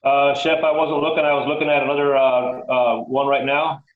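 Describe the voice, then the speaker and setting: A male student answering his instructor during an online class in a hurried, apologetic way. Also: medium pitch, flat delivery. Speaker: culinary student. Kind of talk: class participation on a video call. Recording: echoey, phone-like video call audio.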